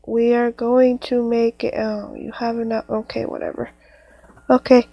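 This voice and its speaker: A woman's voice: on the high side, level tone, measured pace, gravelly, dry recording, highs cut off. A young woman commenting on a horror game as she plays, jumpy and talking to her viewers. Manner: jumpy, exclaiming, talks to viewers. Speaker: gamer.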